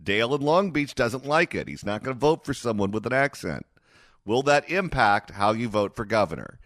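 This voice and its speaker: A male talk radio host riffs sarcastically on air, his pitch rising and falling freely. The studio sound is close and dry. He talks in quick banter. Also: dry recording. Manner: animated, sarcastic.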